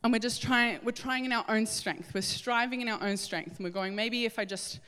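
A woman preaching a sermon, telling a Bible story in an animated way and acting out the voices. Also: on the high side, a little fast, clean tone. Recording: hall reverb.

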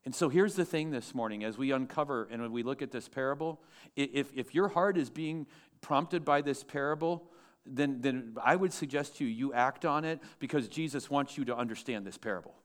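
A man's voice: mid-range voice, fairly quick. A man pastor preaching a sermon to his church, emphatic and asking the congregation questions.

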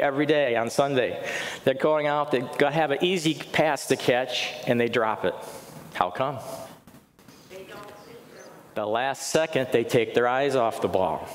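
A middle-aged man delivers a sermon in a church hall, earnest and searching, often turning to his listeners with questions. His voice carries a long echo from the room, over a faint background hiss. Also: medium pitch. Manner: earnest, asks the congregation questions. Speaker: pastor. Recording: echoey hall with faint noise.

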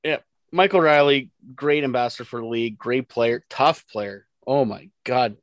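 A man's voice: medium pitch, normal speed, no echo. A man co-hosting a sports podcast, blunt and joking, acting out quotes as he talks. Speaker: podcast co-host. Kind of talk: casual sports chat.

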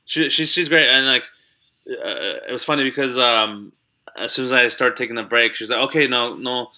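A young man talks loosely as an interview guest, looping through likes and restarts. His voice is very bright and sharp, and his pitch sits in the middle. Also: moderate pace. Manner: rambling, many likes and restarts. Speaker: guest, online comedian. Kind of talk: casual interview chat.

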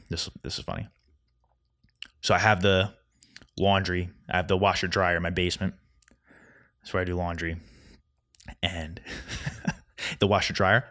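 A young man hosting a solo podcast, rambling through a casual rant at a quick, anxious clip. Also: on the low side, fairly bright tone. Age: young adult. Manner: fast, rambling, anxious storytelling. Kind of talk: casual ranting monologue. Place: Chicago.

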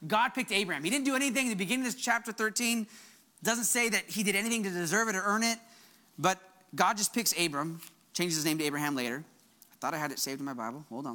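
A male pastor preaching a conversational sermon, breaking off and restarting his sentences and jumping up high when he acts out quoted lines. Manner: animated, voice jumps high when acting out quotes; conversational, self-interrupting.

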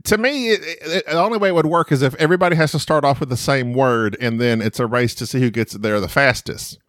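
A man's voice: mid-range voice, fast talker, a bit bright, dry recording, clean studio sound. A man from the United States hosting a podcast, playful and giggly, full of puns in casual chat. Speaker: podcast host.

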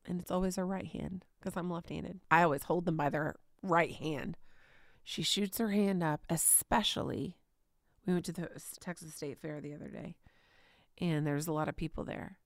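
A woman in her thirties giving a devotional teaching, soft and tender, often dropping to a whisper. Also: on the low side, moderate pace, vocal fry, dry recording, clean studio sound. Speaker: podcast host.

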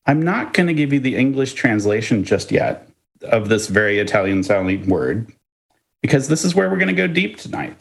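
A man co-hosting a podcast, chatting casually and telling stories in a playful, lively way with chuckles. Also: mid-range voice, normal speed, gravelly. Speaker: podcast co-host.

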